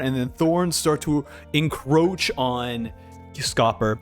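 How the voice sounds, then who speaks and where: A man reading out a manga chapter in a casual reaction video, laughing often and doing quick funny voices for the lines. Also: fairly high pitch, a bit bright, faint music behind.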